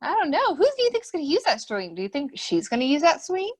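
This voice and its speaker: A woman hosts a webinar for preschoolers, reading a picture book aloud over a computer mic. Her voice sits high and swoops widely as she fills each page with gasps and questions for the children. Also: wildly swooping pitch, fast talker. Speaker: children's program host.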